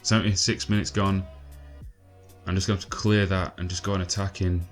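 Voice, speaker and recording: A low-voiced man talks through his game in a loose, chatty way. He sounds exasperated, swears freely and fills gaps with ums. Faint music plays underneath. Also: flat delivery, normal speed. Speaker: gaming channel host. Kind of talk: casual gameplay commentary.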